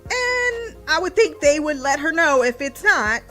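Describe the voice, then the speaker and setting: A woman's voice: high-pitched, big pitch swings, a little slow, pushed and bright, soft background music. A young woman recapping a TV episode in casual podcast chat, laughing often, swearing and mimicking the characters.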